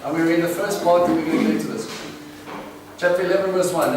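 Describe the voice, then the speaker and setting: A man giving an earnest, animated bible teaching to a congregation and asking them questions. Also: high-pitched, fast. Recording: echoey room from a distant mic, noisy.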